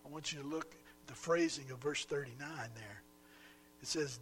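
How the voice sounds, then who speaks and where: A man preaching a sermon as pastor, swinging between loud emphatic pushes and quiet drops, with a faint mains hum behind. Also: fairly high pitch, normal speed, soft background music, poor audio.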